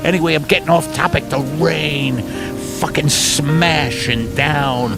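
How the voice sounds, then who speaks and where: An older man, a comedian hosting a podcast from a car, telling rambling absurd stories and jumping into shrill character voices. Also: a little slow, creaky, over loud music. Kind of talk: rambling absurd comic storytelling.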